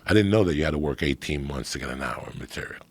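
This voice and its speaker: Here a middle-aged guest comedian rattles off casual stories at a quick pace, blunt, foul-mouthed and streetwise. His extremely low voice is raspy and gravelly, with an expressive delivery.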